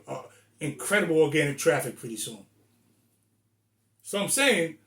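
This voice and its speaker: A man in his sixties from Rhode Island, ranting bluntly and emphatically to the camera with plenty of profanity. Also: fairly high pitch. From Rhode Island, USA. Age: 60s. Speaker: vlogger. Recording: echoey room.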